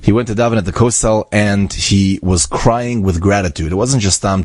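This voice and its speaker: Man, inspirational storyteller, deep voice, dry sound, chatty asides, acts out dialogue. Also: normal speed, hardly any pauses, darkish tone, no echo. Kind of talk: animated religious storytelling.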